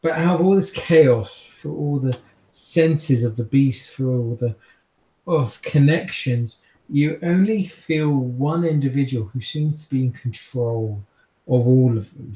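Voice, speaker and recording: A man running a tabletop game as game master, narrating dark scenes in a dramatic, halting way. He speaks at a mid pitch, and his voice rings in an echoey room.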